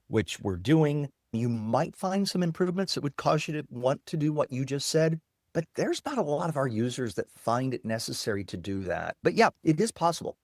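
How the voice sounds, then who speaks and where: Man demoing software, dry close sound. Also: mid-range voice, dry recording. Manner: explains while demonstrating software on screen. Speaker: software founder guest. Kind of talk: casual interview.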